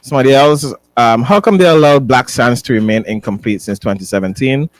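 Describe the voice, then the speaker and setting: A man's voice: medium pitch, a little fast, soft background music. A man hosting a morning talk radio show, reading listener questions aloud. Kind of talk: casual talk radio banter.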